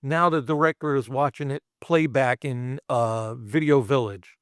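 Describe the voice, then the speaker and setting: A middle-aged man from Brooklyn with a Brooklyn accent, a special effects artist telling stories as a podcast guest in a profane, animated way and acting out sound effects. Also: mid-range voice, measured pace, clean tone, no room sound, clean studio sound. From Brooklyn, New York. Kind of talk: casual storytelling.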